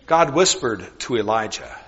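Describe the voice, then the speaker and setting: A male pastor preaching a sermon earnestly, with deliberate pauses and drops to a near whisper for emphasis. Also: fairly low pitch, animated, a bit bright, slightly rough. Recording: dull sound with long hall reverb.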